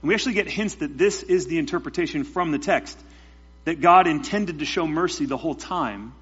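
A man's voice: a little high, fairly quick, fairly bright tone, breathy edge. A man preaching a sermon as pastor, emphatic, with rhetorical questions and repetition. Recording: dull lo-fi sound with mains hum.

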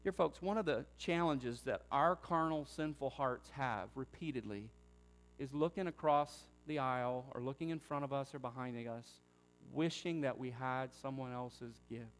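A middle-aged man pastor preaching a sermon, talking conversationally and then breaking into sudden loud bursts. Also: mid-range voice, normal speed.

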